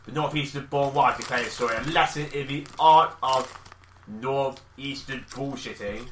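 Deadpan man in an echoey room. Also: medium pitch, normal speed, a little hiss or hum. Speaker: podcast co-host. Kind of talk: casual podcast banter, reading a story aloud.

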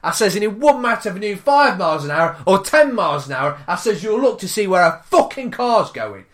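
A man telling a road-rage story in casual chat, swearing and acting out his own shouting. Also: sits high, very animated, brisk. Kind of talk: casual chat, animated anecdote.

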